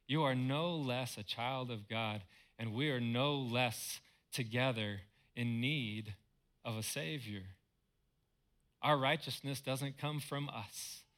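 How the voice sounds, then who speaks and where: A man's voice: medium pitch, takes it slowly, a bit bright. A man, a pastor, preaching a sermon in earnest, repeating words for emphasis.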